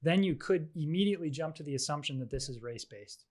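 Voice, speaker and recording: A man co-hosting a casual discussion podcast, chiming in with relaxed asides and easy chuckles. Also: a little high, fast. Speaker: podcast co-host.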